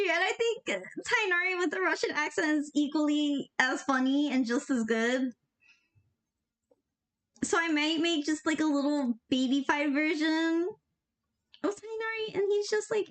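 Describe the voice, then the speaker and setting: A young woman animator draws on a live stream, her voice sitting high with a slightly bright quality. She chats casually, bubbly and giggly with lots of slang, and reads the chat aloud.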